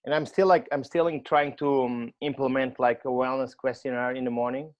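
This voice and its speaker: Halting man, Portuguese native, muffled audio. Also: mid-range voice, flat delivery. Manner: halting, searching for words, many restarts. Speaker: gym owner and show host. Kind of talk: conversational interview.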